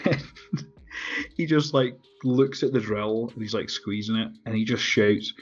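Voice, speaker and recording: A man's voice: on the low side, unhurried. Guy ranting about a movie, swears a lot, laughs, dull lo-fi sound, faint music behind. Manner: profane, animated, laughs often. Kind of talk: casual movie discussion.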